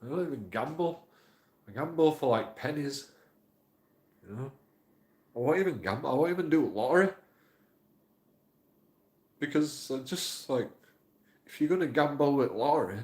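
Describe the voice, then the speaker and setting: Guy venting into the camera, emotional, keeps swearing and repeating himself, mid-pitched voice, sounds echoey. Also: expressive, normal speed, long pauses, a little mellow. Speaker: YouTube auditor vlogger. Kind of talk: rambling confessional monologue. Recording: roomy echo.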